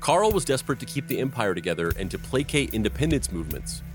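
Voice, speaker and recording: A man hosting a history podcast, narrating events and slipping into deadpan absurd jokes. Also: mid-range voice, fast talker, faint music behind.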